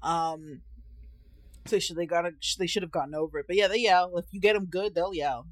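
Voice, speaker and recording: A woman's voice: on the low side, brisk, no room sound. A young woman co-hosting a podcast, chatting casually and acting out stories with frequent laughter. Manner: animated storyteller, laughs often, acts out voices. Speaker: podcast co-host. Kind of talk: casual chat.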